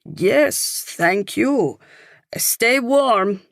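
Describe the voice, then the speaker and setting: A kindly older Frenchman, as a woman narrator puts him on, speaks halting English with a thick French accent, stopping to search for words. His voice sits low and sounds a little removed from the narrator's usual tone. The recording is dry and close. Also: lively intonation, creaky, no room sound, heavily acted. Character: friendly older French man.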